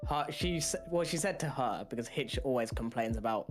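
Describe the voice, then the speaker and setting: A man's voice: medium pitch, lively intonation, a little fast. A man co-hosting a casual anime breakdown, often chiming in with short agreements. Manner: frequent short agreeing interjections. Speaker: podcast co-host. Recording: music playing behind.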